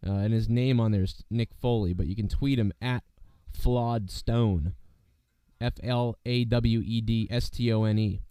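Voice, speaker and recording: A man hosts a casual wrestling chat, rambling with lots of fillers. His voice is worn from being sick, yet its tone stays smooth. He is recorded dry and close. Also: lowish voice, steady tone, unhurried, dark tone, no echo. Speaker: wrestling podcast host.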